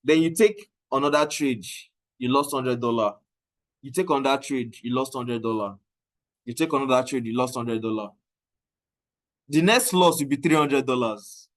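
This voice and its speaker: A man with a Nigerian accent telling a casual, animated story about trading and often mixing in Pidgin. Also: mid-range voice, moderate pace. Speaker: trading coach. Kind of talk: casual talk.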